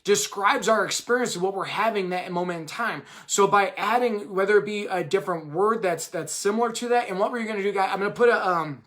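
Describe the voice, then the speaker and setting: A man's voice: high voice, brisk, few pauses, fairly bright tone. A man co-hosting a live video chat, talking casually and rambling, full of "like" and "right?". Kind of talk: casual live-stream talk.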